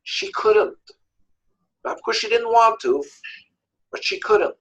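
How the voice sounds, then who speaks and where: A man with a New York accent, a divorce lawyer being interviewed, telling stories in a lively way and acting out voices, often repeating words as he searches. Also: very high voice, slow pace, poor audio. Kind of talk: animated storytelling interview.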